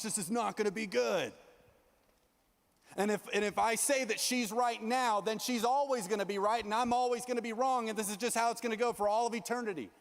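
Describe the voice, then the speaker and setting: High-voiced young man preaching in a hall. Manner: animated, self-mocking storyteller who acts out his own lines. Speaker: youth pastor. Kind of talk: storytelling youth sermon. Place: large church youth hall. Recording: long reverb of a large hall.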